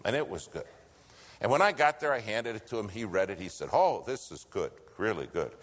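A man preaching a sermon, telling a story and swinging between loud lines and hushed whispers. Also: on the low side, animated, a little fast. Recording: long hall reverb.

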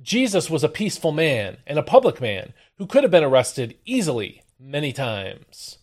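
Man, devotional host, scripture reading, expressive, animated intonation. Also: on the high side, normal speed. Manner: expressive reading that lifts the voice on quoted lines.

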